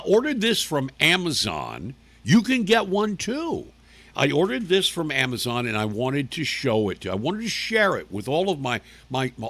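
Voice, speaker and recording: Gravelly-voiced man hosting from home. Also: on the high side, fairly bright tone. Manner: rambling, blunt and crude, with many restarts. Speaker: talk show host. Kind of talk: casual rambling monologue on a livestream. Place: his living room at home.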